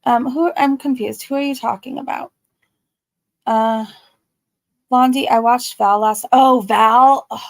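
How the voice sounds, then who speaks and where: A woman hosting a casual livestream, reading chat comments aloud and answering them in an earnest, soft-spoken way with many ums and likes. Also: a little high, steady tone, unhurried, creaky, pauses often, dry recording. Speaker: YouTube commentary host reading live chat.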